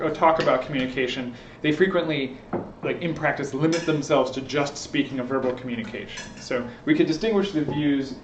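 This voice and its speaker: A man's voice: fairly high pitch, recorded from a distance, noisy background. A man giving an informal lecture to a small group, thinking aloud with frequent fillers and restarts. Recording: roomy, dull lo-fi room recording.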